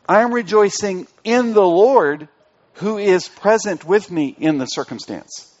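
Male pastor, interactive sermon; a touch high-pitched, muffled lo-fi recording, repeats key phrases. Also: expressive, measured pace. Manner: asks the congregation questions, repeats key phrases. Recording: dull lo-fi recording.

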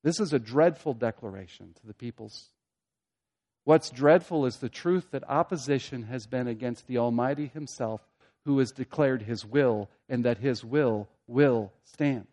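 A man preaching an expository sermon, swinging from loud emphatic peaks to hushed low asides, using rhetorical questions and repeated phrases for emphasis. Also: measured pace.

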